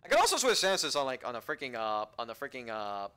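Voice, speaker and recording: Guy doing a let's play, talking to himself nonstop, bright punchy voice, curses a bit. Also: mid-range voice, fast talker, clear, resonant tone. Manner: rambling, talks to himself, swears, sudden excited outbursts. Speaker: video game let's-play commentator. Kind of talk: casual gameplay commentary.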